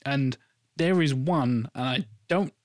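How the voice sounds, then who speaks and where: A man's voice: medium pitch, takes it slowly, darkish tone, dry recording. Dry-witted man, close dry sound. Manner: dry, wry remarks. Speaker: podcast co-host. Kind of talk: casual chat.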